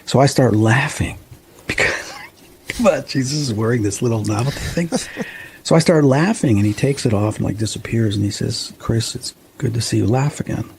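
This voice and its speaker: A man's voice: medium pitch, brisk, creaky, darkish tone, slight background noise. A man in his fifties, a guest medium, earnestly telling a personal story and acting out the dialogue. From United States. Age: 50s. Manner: earnest, acts out quoted dialogue.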